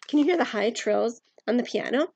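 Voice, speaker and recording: Gentle woman teaching music to children. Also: a little high, expressive, fairly quick, husky, lo-fi sound. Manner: gentle, encouraging, asks questions of young listeners. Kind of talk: online music lesson for children.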